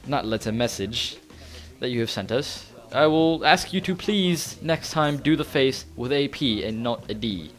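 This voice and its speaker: A man putting on a British accent to voice a very proper, indignant young British gentleman who speaks in stiff, pompous, formal phrasing. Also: mid-range voice, voice pushed up, natural voice. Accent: put-on British.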